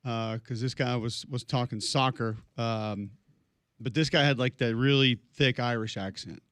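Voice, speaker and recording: A man's voice: mid-range voice, fairly even intonation, unhurried, fairly bright tone, dry recording, studio quality. A man hosting a sports radio morning show, chatting casually and rambling through his thoughts. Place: radio studio.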